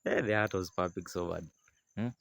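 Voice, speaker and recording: Lively man telling a folk tale. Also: deep voice, creaky, no room sound. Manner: rambling, animated, acts out the figures. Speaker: storyteller. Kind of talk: casual oral storytelling.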